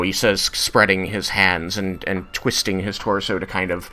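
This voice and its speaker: A man's voice: low-pitched, level tone, measured pace, pushed and bright. A man narrating a tabletop game as game master, with many hesitant fillers.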